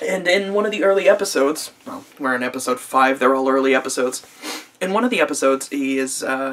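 A man's voice: medium pitch, a bit bright. A man in his twenties giving a casual, profane vlog review of a show, rambling with lots of fillers and dry sarcasm. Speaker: anime reviewer.

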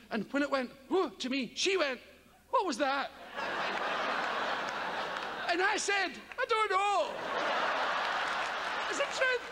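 Older scottish guy doing stand-up, rambling and sweary, lively up-and-down voice, live theatre reverb and crowd noise behind. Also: extremely high pitch. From Scotland. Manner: rambling, profane, frequent laughs. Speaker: stand-up comedian. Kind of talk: stand-up comedy. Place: large theatre stage.

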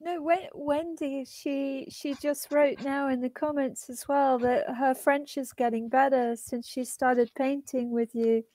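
A woman's voice: sits high, steady tone, a little slow, few pauses, darkish tone, no room sound, rough recording. A woman co-hosting a live stream, chatting casually and encouragingly while translating between languages. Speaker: co-host and interpreter. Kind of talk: casual bilingual live chat.

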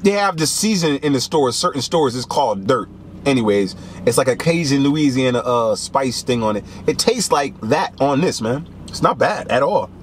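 A young man hosting a casual snack taste-test vlog, animated and joking, with lots of slang. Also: medium pitch, moderate pace, a little hiss or hum. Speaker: snack reviewer.

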